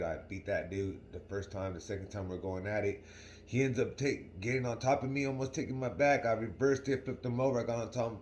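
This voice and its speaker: A man's voice: on the low side, a little mellow, reverberant, a little hiss or hum. A young man telling a story casually to his viewers in a slangy, rambling way, often asking "right?". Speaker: vlogger.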